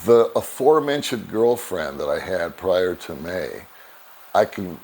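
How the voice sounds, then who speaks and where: An older man with a deep, low voice tells a story straight to the camera. He rambles along in a relaxed, unhurried way, chuckling as he goes. A faint background hiss sits under his voice. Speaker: vlogger.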